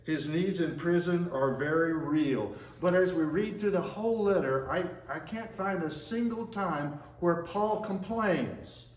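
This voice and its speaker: A man preaching a sermon at a measured pace, slowing down when he quotes scripture. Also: on the high side, far from the mic. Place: church sanctuary. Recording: echoey room, mic from afar.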